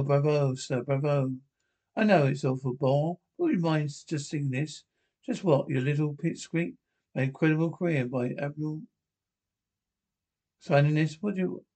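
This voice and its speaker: A man's voice in TV sitcom dialogue, with brisk, bickering comic delivery. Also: fairly high pitch, a little mellow. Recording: TV episode audio.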